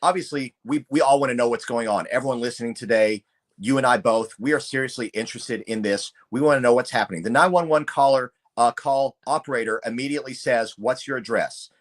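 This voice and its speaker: On a true-crime podcast, the middle-aged co-host explains his perspective with a deliberate, measured delivery, speaking at a normal mid-level pitch.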